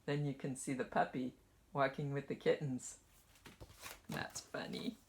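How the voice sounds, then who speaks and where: A woman kindergarten teacher gently reading a picture book aloud to children and asking them questions as she goes. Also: extremely low pitch, gravelly, slight background noise. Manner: slow, lively sing-song storytelling.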